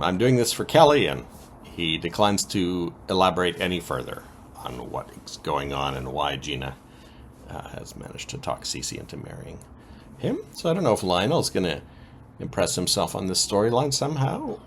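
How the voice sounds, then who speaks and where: A man co-hosting a podcast, recapping soap opera episodes in a casual, animated way with frequent ums. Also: sits low, creaky, slight background noise. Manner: lively, animated retelling with many ums.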